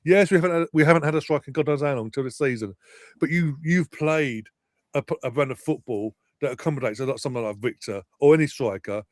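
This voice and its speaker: A man's voice: mid-range voice, fast, no room sound. A man, ranting bitterly and sarcastically about his football team's play. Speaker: football fan co-host. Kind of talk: angry live match watchalong rant.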